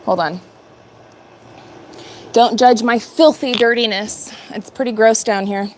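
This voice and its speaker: A woman's voice: fairly high pitch, steady tone, takes it slowly, slight background noise. A woman in her fifties hosting a casual livestream, chatting upbeat with viewers by name as she works. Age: 50s. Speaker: livestream host. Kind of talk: casual live chat while working.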